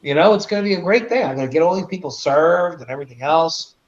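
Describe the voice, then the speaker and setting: Profane, animated New man. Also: on the high side, fast talker. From New York. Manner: profane, blunt, heated. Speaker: journalist guest. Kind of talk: casual stream chat. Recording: dull lo-fi audio.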